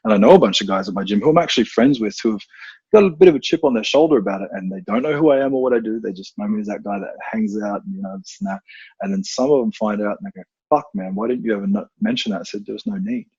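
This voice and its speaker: A man talking as a podcast guest, blunt and profane, telling animated stories in casual conversation. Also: lowish voice, very fast, gravelly, slightly rough, no echo, muffled recording. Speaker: podcast guest, combat instructor.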